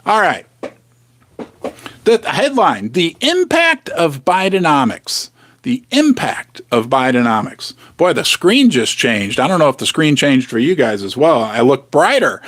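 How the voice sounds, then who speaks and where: A man's voice: on the high side, sing-song, unhurried, fairly bright tone, slight background noise. A man hosting a casual live stream, chatty and teasing, sometimes dropping to a whisper for effect. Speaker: host of a precious-metals live stream. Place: home basement studio.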